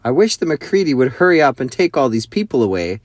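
A man's voice: mid-range voice, very animated, fast, no room sound, pitched above the performer's own voice. A man voicing a sensible, slightly complaining young schoolgirl in a storybook reading. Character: fussy practical English schoolgirl.

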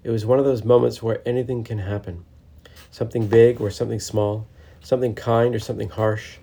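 A man narrating a storybook in a gentle, reflective, steady way. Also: mid-range voice, a little fast, vocal fry.

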